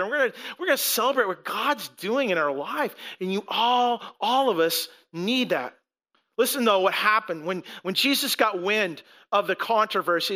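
A man's voice: high-pitched, pushed and bright. A middle-aged male pastor giving a conversational sermon, telling the story with animation and acting out the voices of the people in it.

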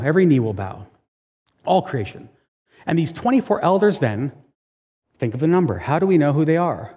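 A man's voice: a little high, mellow, breathy edge, lo-fi sound. Man preaching in a reverberant hall. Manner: conversational preaching, emphatic asides. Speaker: pastor. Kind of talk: sermon.

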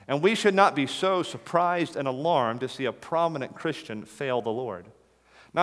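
A man's voice: medium pitch, a bit bright. A man preaching a sermon in an earnest, emphatic way, repeating his key phrases. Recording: long hall reverb.

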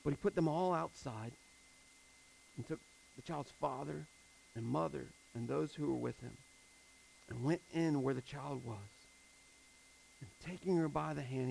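A man preaching a conversational sermon, moving between hushed scripture reading and emphatic retelling. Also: fairly high pitch, normal speed, vocal fry, pauses often, slight background noise, low-quality recording. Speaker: pastor.

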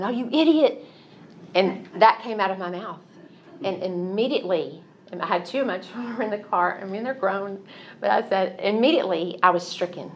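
A middle-aged Christian speaker with a lowish voice gives a teaching talk, telling personal stories earnestly and confessionally. There's a little hiss or hum on the recording.

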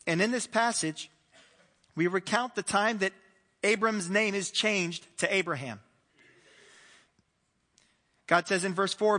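High, bright-voiced preaching man. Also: measured pace, long pauses, big-room sound. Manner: earnest, questioning preacher. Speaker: pastor. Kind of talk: sermon. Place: church hall.

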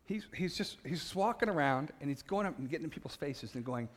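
A fast talker with a voice on the high side, this man delivers a personal faith testimony. He laughs at himself, stumbles over repeated words, and tells his story with animation, calling himself passionate and loud.

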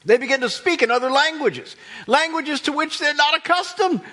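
A man with an American accent preaching a sermon, telling the story in an animated way and acting out the voices of the people in it. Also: extremely high pitch, moderate pace. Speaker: pastor.

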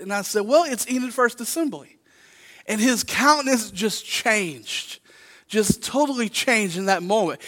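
A high, bright male voice preaching from the pulpit. He tells anecdotes with animated energy, acting out the other people's voices. The delivery is loose and conversational, full of asides to the congregation. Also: moderate pace. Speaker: pastor. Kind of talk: sermon.

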